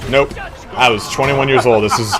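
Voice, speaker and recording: Crude, animated young male streamer. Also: medium pitch, normal speed, over music. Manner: animated, crude, acts out the voices in his stories. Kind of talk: casual storytelling while gaming.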